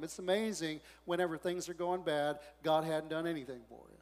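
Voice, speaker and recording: A man pastor preaching a sermon, reading scripture quietly, then rising into loud, excited preaching. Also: fairly high pitch, a little fast, few pauses, long reverb tail.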